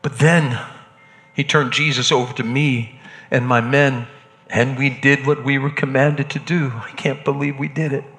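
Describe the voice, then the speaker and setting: A man acting a hardened Roman centurion shaken by an execution, talking haltingly and repeating words, in a church drama. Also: medium pitch, level tone, fairly bright tone, big-room sound. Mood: grave, shaken.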